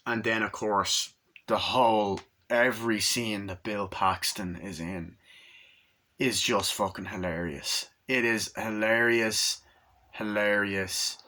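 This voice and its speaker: Bright-voiced young man retelling a movie. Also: fairly low pitch, steady tone, slow. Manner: rambling, profane retelling of scenes, acting out quotes. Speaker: movie reviewer. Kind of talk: casual movie review chat.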